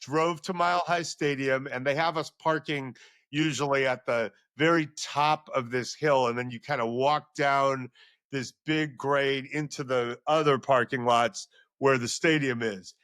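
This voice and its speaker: Middle-aged male guest, animated storyteller, voice jumps up at big moments, dry podcast mic. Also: a little slow, dry recording. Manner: excitable, voice climbs high when reliving moments. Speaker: guest, sports journalist.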